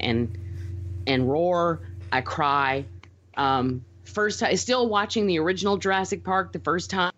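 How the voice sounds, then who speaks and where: A woman's voice: deep voice, dull audio, slight background noise. Emotional woman gushing about movies. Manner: emotional, gushing, laughs easily. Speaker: podcast co-host. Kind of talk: casual movie review chat.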